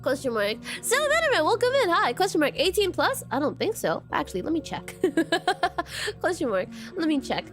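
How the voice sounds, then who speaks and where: A woman streaming a dating sim, reacting to the story and chatting with viewers in an animated, swearing way. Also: very high voice, moderate pace, soft background music. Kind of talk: live game commentary reading a dating sim aloud.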